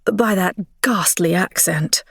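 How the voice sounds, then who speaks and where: A woman's voice: on the low side, slow pace, a bit bright, breathy edge, dry recording, clean studio sound, exaggerated voice. A woman voicing a cold, disdainful young English lord in an audiobook, speaking with cool, mocking sarcasm.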